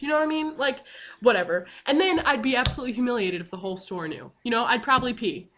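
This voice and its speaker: A woman talks straight to her camera, spinning a comic story with lots of "you know" and "like." Her voice is bright and a touch high, and she pokes fun at herself as she goes. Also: fast talker. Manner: chatty and self-mocking, many fillers. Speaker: vlogger.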